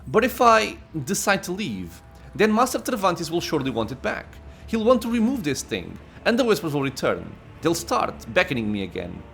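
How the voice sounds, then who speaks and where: A man's voice: on the high side, wildly swooping pitch, normal speed, vocal fry, a bit bright, soft background music, pitched above the performer's own voice, full character voice. A man reading aloud the lines of a troubled, defiant woman psyker from a video game, in a slightly raised voice. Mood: uneasy. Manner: reads dialogue aloud in a slightly raised, lightly acted voice.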